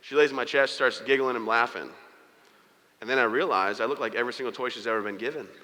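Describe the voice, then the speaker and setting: A man tells his own story to an audience in a candid, joking manner. He talks quickly, and his voice sounds bright and forceful. The sound carries the long reverb of a large event hall. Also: medium pitch, slight background noise. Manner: candid, joking, acts out quoted dialogue. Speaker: motivational speaker. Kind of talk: personal storytelling speech to an audience.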